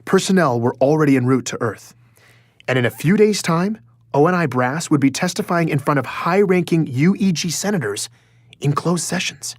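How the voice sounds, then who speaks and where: A man's voice: a little high, animated, moderate pace, no room sound. An actor playing an anxious male journalist in an audio drama, narrating in first person and stammering when nervous.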